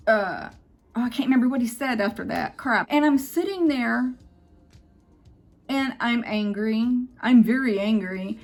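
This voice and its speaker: A woman speaks to her camera in a casual storytime vlog, her voice a little high. She talks with emotion and acts out what others said as she retells it. Faint music plays underneath. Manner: emotional, quotes others in quick retold dialogue. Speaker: vlogger.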